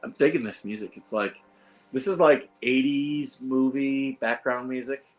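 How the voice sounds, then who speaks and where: A man with a Midwestern accent and a hoarse, worn voice, chatting casually on a home livestream in a rambling way. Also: mid-range voice, moderate pace, faint music behind, low-quality recording. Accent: Midwestern American. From Ohio. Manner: rambling, chuckling, restarts phrases. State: hoarse, losing voice. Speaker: livestream host.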